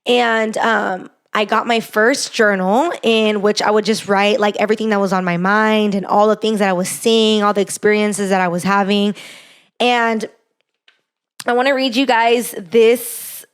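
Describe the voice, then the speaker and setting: A woman's voice: mid-range voice, fairly even intonation, a little slow, smooth. A young woman hosting a podcast, telling a personal story in a chatty, heartfelt way, full of fillers. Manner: chatty, heartfelt, lots of "like" and "you know". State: gets emotional. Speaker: podcast host.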